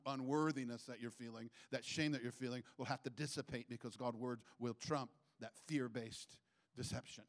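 A man preaching a sermon in church, animated and acting out little quoted voices as he goes. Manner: animated, acts out quotes with sudden pitch jumps. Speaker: pastor.

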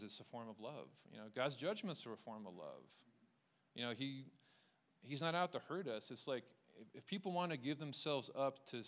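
A man with a smooth, clear voice gives a relaxed sermon to a small group. He talks like he's chatting, restarting his sentences and slipping into quoted voices, then moves into a closing prayer. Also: medium pitch. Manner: conversational, with frequent restarts and quoted inner voices; closes with a prayer. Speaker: teacher leading a Bible study. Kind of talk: informal sermon.

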